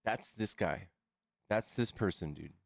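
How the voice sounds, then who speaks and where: Lowish-voiced joking male streamer. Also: measured pace, gravelly, dry recording, studio quality. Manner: joking, exasperated, jumps high when excited. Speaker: livestream host. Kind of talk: casual livestream debate chat.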